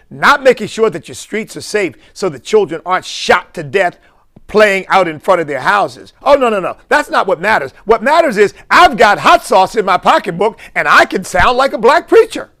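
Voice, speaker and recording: A man's voice: high voice, sharp tone. A man, a bishop, giving impassioned preaching-style commentary full of rhetorical questions.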